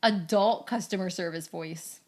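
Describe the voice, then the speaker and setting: A young woman co-hosting a podcast, chatting casually and laughing often, slipping into quick put-on voices. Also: lowish voice. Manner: laughing, animated, slips into put-on phone voices. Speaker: podcast co-host. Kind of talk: casual chat.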